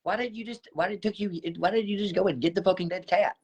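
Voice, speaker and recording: A man's voice: high voice, quick pace, darkish tone, slightly rough. A man hosting a podcast, blunt and profane as he teases his guest and tells his own stories. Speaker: podcast host. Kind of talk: casual podcast chat.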